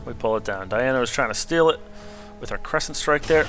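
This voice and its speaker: A young man casually commentating a replay of his own match, getting excitable at big plays. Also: medium pitch, fairly quick, slight background noise. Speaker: gameplay commentator.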